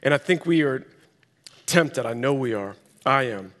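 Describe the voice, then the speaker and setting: A man's voice: mid-range voice, animated, unhurried, fairly bright tone. A man preaching a sermon, telling a story with dramatic voiced quotes. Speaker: pastor. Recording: long reverb of a large hall.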